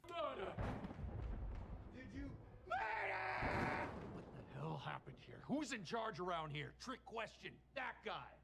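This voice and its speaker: A man playing a brash, bossy hard-boiled detective in a murder-mystery film, gruff with dark humor. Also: high voice, wildly swooping pitch, slow pace, pauses often, noisy background, exaggerated voice. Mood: blustering.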